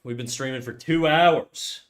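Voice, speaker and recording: A man's voice: mid-range voice, a little slow. Rambling male streamer muttering while drawing. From Canada. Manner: rambling, chats with viewers, drops to quiet muttering while working. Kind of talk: casual livestream chat while drawing.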